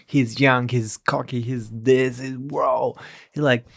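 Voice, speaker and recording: A man's voice: mid-range voice, fairly even intonation, slow pace, creaky, a bit bright. A man giving a rambling, irreverent movie review, swearing and restarting his sentences.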